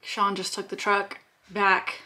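A woman's voice: medium pitch, monotone, slow, pushed and bright. A woman in her thirties vlogging casually while moving house, chatty, out of breath and laughing often. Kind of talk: casual vlog chat.

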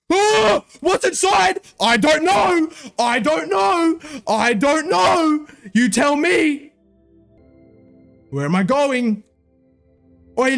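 High, jumpy young man playing horror games. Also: gravelly, fairly bright tone. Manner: jumpy, panicky, swearing, self-mocking. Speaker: gaming video creator. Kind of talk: horror game commentary.

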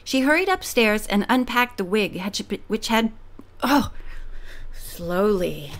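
A woman's voice: mid-range voice, expressive, slow, a bit bright. A woman reading a mystery novel aloud in outtakes, tripping over words, giggling and teasing her own slips. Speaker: audiobook reader.

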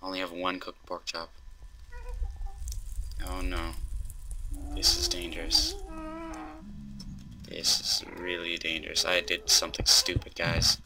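A young man hosting gameplay commentary, excitable and full of startled exclamations. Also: sits low, noisy background. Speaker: host.

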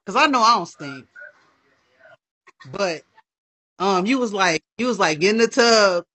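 A woman's voice: medium pitch, lively intonation, fairly bright tone, husky. A woman in a casual livestream chat who laughs a lot and defends herself against her partner's claims. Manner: defensive, laughing, fast protesting.

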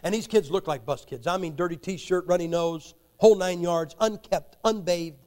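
An older American man preaching a sermon with a noticeably high-pitched voice. His delivery is folksy and joking, full of emphatic rises as he drives his points home. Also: normal speed, darkish tone. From United States.

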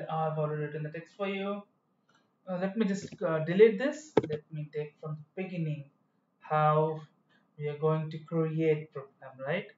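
A man giving a coding tutorial with rambling, self-correcting explanations. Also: fairly high pitch. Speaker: programming tutor. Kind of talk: screen-recorded coding tutorial. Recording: echoey, dull room sound.

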